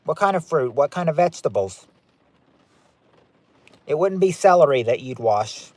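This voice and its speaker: A fairly high-voiced man hosting a game night on a live stream, reading out guesses and ruling on them in a chatty, running patter. His voice sounds dry and close, with no room echo. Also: expressive, moderate pace, a little mellow. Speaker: game show host.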